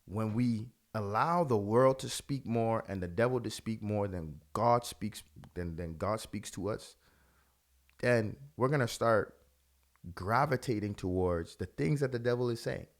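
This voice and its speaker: A man's voice: fairly low pitch, unhurried. A man, a pastor, giving religious video commentary with impassioned, repetitive phrasing.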